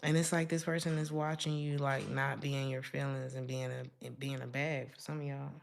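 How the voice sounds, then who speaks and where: Woman, tarot reader, casual reading, low voice, gravelly fry, laughs a lot. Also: level tone, a little fast. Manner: chatty, laughs often, slangy asides.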